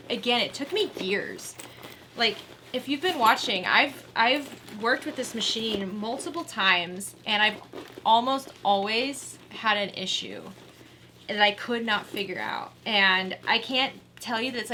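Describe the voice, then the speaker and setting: Bubbly bright-voiced woman sewing vlogger. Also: medium pitch, a little hiss or hum. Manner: gushing, chatty, talks lovingly to her machine. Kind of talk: casual sewing vlog.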